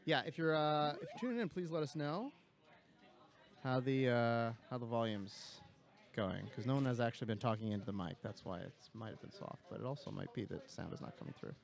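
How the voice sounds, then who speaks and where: A man's voice: medium pitch, lively intonation, fairly quick, creaky. A man organizing a gaming tournament, chatting easily and teasing players while making stream announcements. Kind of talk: casual chat and stream announcements. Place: gaming venue during an event.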